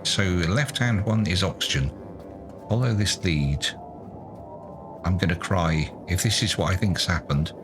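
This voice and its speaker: A man's voice: low voice, measured pace, long pauses, over music. A man doing let's play commentary, muttering to himself in a self-mocking, exasperated way. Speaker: gaming YouTuber.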